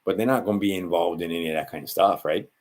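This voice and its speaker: A channel host with a Hawaiian Pidgin accent rambles through a solo monologue at a very fast clip, his voice low and darkish. He meanders, corrects himself as he goes, and throws in asides to the listener.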